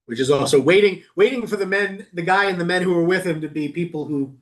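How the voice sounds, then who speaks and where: Casting: male rabbi, slightly high voice, loose and jokey while teaching scripture. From New York. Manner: playful, quick asides, reads verses then riffs. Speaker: rabbi teaching a Bible study. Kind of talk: casual text study, reading aloud and joking.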